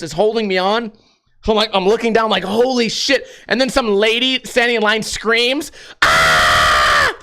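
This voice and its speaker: American guy, pretty high voice, cursing and rambling through podcast stories. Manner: profane, animated storyteller. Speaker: podcast host. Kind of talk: casual storytelling monologue.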